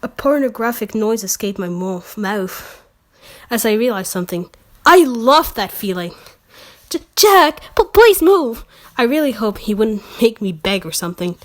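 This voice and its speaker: A woman's voice: medium pitch, moderate pace. Woman host, mocking fanfic read-through, sarcastic asides, trips over words. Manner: sarcastic asides, slips and self-corrections. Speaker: channel host. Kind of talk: mocking reading of fan fiction.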